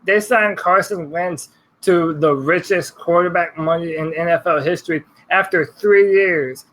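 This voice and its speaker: A man's voice: on the high side, unhurried, a bit bright, poor audio. A man co-hosting a casual sports podcast, giving blunt opinions in a laid-back way with some mild swearing. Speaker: podcast co-host.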